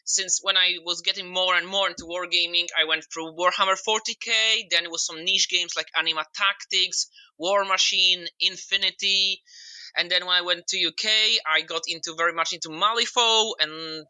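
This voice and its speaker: A young man with a Polish accent talks casually as a podcast guest, his voice very bright and forward. He is modest and chatty, with non-native phrasing. The sound is dry and close. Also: high voice, fairly even intonation, normal speed, no room sound, low-quality recording. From Poland. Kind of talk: casual interview chat.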